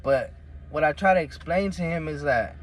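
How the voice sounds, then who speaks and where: A man's voice: moderate pace, slight background noise. A man telling a story from his life in casual, slangy, profane talk, often calling the listener "G" and "bro.". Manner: acts out the quoted voices in a much higher pitch.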